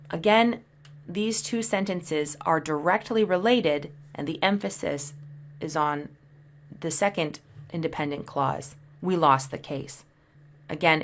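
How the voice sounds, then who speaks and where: A woman teaching English punctuation, patiently explaining each example and reading the sample sentences aloud. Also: fairly low pitch. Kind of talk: explaining grammar over slides.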